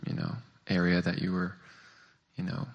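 Hesitant deep-voiced man in a hall. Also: moderate pace, gravelly, dull audio. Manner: hesitant, many fillers. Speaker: audience member asking a question. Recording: reverberant hall.

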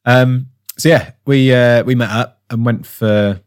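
A man's voice: mid-range voice, steady tone, unhurried, smooth, no room sound, clean studio sound. A tired man from England co-hosting a podcast in casual chat, rambling with lots of fillers and restarts. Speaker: podcast co-host.

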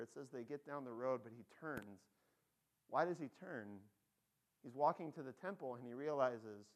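A man's voice: medium pitch, normal speed. Earnest man preaching a sermon. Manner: storytelling, acts out excited voices of characters. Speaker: pastor.

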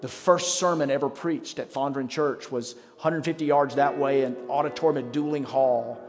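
A middle-aged pastor delivers a sermon in a conversational, self-mocking way, leaning on dramatic pauses. His voice sits in an ordinary middle pitch and rings out through a long church-hall reverb, with soft instrumental music underneath. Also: fairly even intonation. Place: church sanctuary.

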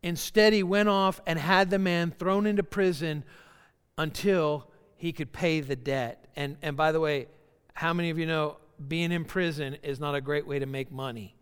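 A man's voice: fairly high pitch, fairly even intonation, moderate pace, clear, resonant tone. A man preaching a sermon as pastor, earnest and repeating phrases for emphasis. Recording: long church reverb.

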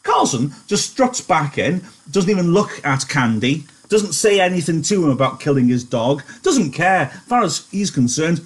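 Husky male teacher, chatty. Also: fairly high pitch, lively intonation, moderate pace, hardly any pauses. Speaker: English teacher. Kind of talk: online lesson and reading aloud.

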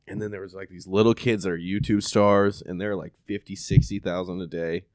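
A man's voice: low-pitched, fairly even intonation, brisk, darkish tone, dry recording. A man, a comedian, in loose, rambling casual chat who laughs into his stories. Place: Sacramento area.

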